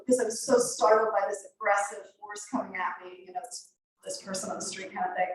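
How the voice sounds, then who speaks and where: A woman's voice: medium pitch, fairly even intonation, fast talker. A woman yoga teacher leading a beginner workshop, chatty and rambling with fillers and laughs. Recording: very echoey room, distant mic.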